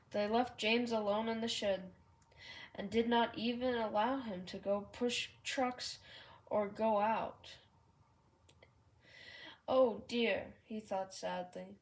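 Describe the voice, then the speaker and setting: A woman reading a storybook aloud, gently and deliberately. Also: a little high, echoey room, poor audio.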